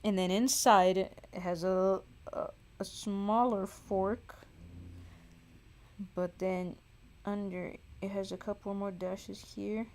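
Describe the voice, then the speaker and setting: Tired woman chatting slowly on a livestream. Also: medium pitch, fairly even intonation, darkish tone, a little hiss or hum. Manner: thinks aloud, self-mocking, sighs. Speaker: livestream host and singer. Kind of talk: casual livestream chat while drawing.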